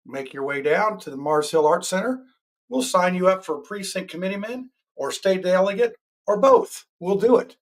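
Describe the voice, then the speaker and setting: A man in his sixties hosting a live-streamed talk show, rambling and joking and often correcting himself as he goes. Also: fairly high pitch. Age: 60s.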